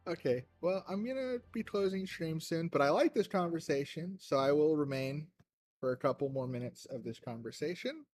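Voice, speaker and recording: A man's voice: fairly high pitch, moderate pace, darkish tone, soft background music. A man chatting casually while streaming a game at home, rambling with lots of fillers and frequent laughs. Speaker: livestreamer playing a game.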